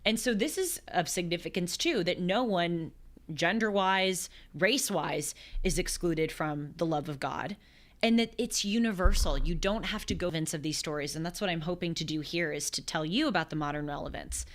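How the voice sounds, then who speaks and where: A woman's voice: lowish voice, normal speed. A woman in her twenties hosting a talk show, giving earnest, thoughtful commentary on scripture and often restarting her phrases mid-thought. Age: 20s. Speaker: show host.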